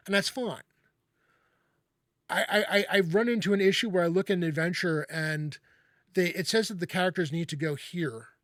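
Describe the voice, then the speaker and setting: A man hosting a casual chat, talking in halting bursts with many restarts and repeated words. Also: high voice, fairly bright tone, no echo, clean studio sound. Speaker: host.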